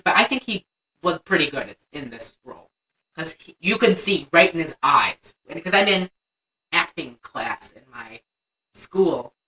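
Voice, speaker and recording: A woman's voice: low-pitched, pushed and bright, far from the mic, poor audio. A young woman co-hosting a casual chat, animatedly retelling a movie scene and acting out the lines. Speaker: podcast co-host.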